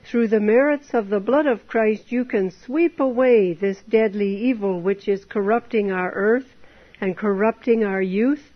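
A woman's voice: medium pitch, measured pace. A woman preaching an earnest temperance sermon, exhorting her listeners with many rhetorical questions. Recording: dull lo-fi recording.

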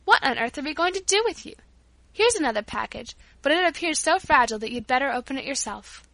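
A woman's voice: high-pitched, expressive, quick pace, fairly bright tone, no echo. A woman reading the lines of a young woman cousin who exclaims over gifts, in a storybook reading. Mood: excited.

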